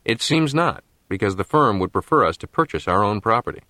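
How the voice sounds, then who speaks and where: A man's voice: lowish voice, expressive, fairly quick, sharp tone, dry recording. A man voicing an earnest young male law graduate with a light wry edge.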